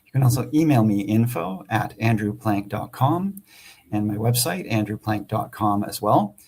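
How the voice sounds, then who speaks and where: A man's voice: on the low side, animated, normal speed, darkish tone. A man co-hosting a real estate show, talking loosely and correcting himself as he goes. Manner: loose, rambling, self-correcting. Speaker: realtor and co-host. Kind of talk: casual chat.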